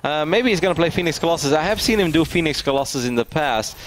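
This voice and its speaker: A man's voice: on the high side, lively intonation, fast talker, a little hiss or hum. Chatty laughing male esports caster. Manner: chatty, laughs often, tells anecdotes. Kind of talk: live esports commentary.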